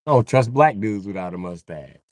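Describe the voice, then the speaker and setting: Animated, profane young male comedian. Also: fairly low pitch, a little fast, no echo. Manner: crude, animated, jumps into voices. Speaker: stand-up comedian streaming live.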